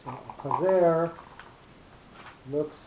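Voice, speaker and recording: A man teaching a small class, explaining a text in a measured, halting way and often repeating words as he thinks. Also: on the high side. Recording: roomy, dull lo-fi class recording with faint noise.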